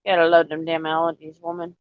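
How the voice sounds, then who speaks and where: A woman's voice: sits low, monotone, fast talker, no room sound. Tired, sighing woman on a dull recording. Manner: tired, sighing, muttering to herself. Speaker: live streamer. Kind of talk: casual chat.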